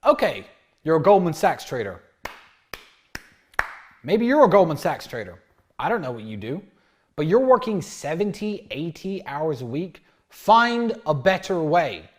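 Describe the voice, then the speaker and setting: Brash, animated man lecturing. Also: on the high side, measured pace, pauses often. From United Kingdom. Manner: brash and animated, acts out quoted dialogue. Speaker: dating coach. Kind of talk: lecture-style monologue.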